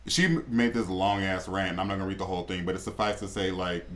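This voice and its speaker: A man's voice: lowish voice, fairly even intonation, a little fast, few pauses, a bit bright. A man co-hosting a casual gossip podcast, chatty and opinionated. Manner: chatty, opinionated, quotes celebrities in mocking voices. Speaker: podcast co-host.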